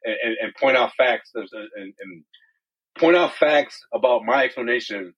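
A man co-hosting a sports podcast in casual chat, talking in an animated way, repeating words and mimicking others. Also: mid-range voice, normal speed, slightly rough, highs cut off. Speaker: podcast co-host.

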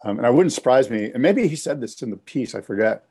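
A man co-hosting a casual chat, talking in a relaxed, rambling way with plenty of fillers. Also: mid-range voice, fast talker, slightly rough.

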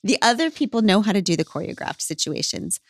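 A woman's voice: medium pitch, very animated, fast talker. A woman telling a candid story in casual podcast chat, swearing and acting out what she said back then. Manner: candid, swears, acts out her own past lines. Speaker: podcast guest.

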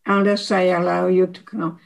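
A woman in her nineties, a psychologist giving advice in an interview, slow and earnest, often acting out quoted dialogue. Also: lowish voice, flat delivery, vocal fry, rough recording. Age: 90s. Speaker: psychologist guest. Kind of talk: interview answers.

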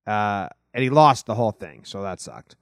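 A man's voice: fairly low pitch, expressive, moderate pace, no echo, studio quality. Easygoing male podcast host, rambling. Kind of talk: casual chat. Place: small house.

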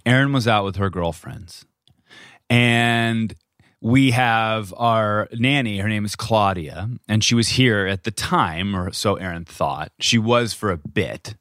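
A man co-hosting a podcast from home, telling a story in a lively, casual way, acting out quotes and swearing freely. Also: on the low side, unhurried, no echo, clean studio sound. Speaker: podcast co-host. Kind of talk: casual chat.

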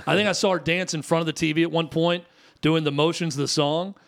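A man in his thirties co-hosting a talk radio show. His voice sits a little on the high side, and he tells stories in a loose, chatty way with plenty of restarts and fillers. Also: steady tone, fast, creaky, a bit bright. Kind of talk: casual sports radio chat.

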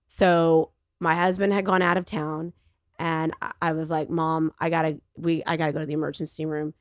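A middle-aged woman as a podcast guest, telling her story in wry, animated casual conversation and acting out the voices of the people she quotes. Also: low-pitched, normal speed, no echo, studio quality.

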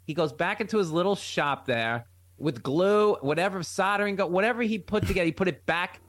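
A man's voice: high voice, a little fast, dry recording. A man, a comedian guest, chatting casually on a podcast and telling stories animatedly while acting out family members. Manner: animated storyteller, acts out family quotes.

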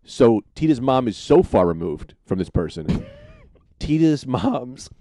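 A man's voice: mid-range voice, very animated, a little slow, mellow, no echo, clean studio sound. Playful man hosting a podcast. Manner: playful, storytelling. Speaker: podcast host. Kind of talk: casual chat.

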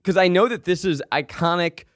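A man co-hosting a podcast, joking and talking in an animated, camp way about a film. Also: high-pitched, fairly quick, dry recording, clean studio sound. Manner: animated, jokey, camp asides. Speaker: podcast co-host. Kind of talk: casual film chat.

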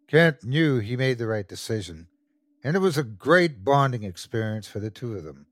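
A man's voice: medium pitch, animated, normal speed, no echo, studio quality. A man narrating a scripted horror story as the show's host, telling it expressively.

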